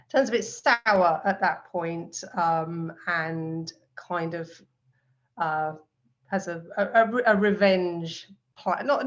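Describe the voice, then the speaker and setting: Lady author chatting on stage, kinda low voice, bit muffled, lots of ums. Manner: chatty, animated storytelling with frequent ums and laughs. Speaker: novelist guest. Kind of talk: live literary festival conversation.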